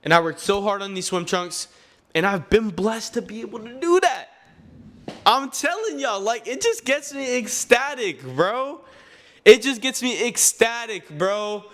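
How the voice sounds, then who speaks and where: A young man of nineteen speaks with a noticeably high voice, delivering a faith-driven motivational talk straight to his viewers. He is earnest and a bit preachy, and he often trips over his words and restarts sentences. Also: animated, unhurried, fairly bright tone. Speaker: clothing brand owner and vlogger.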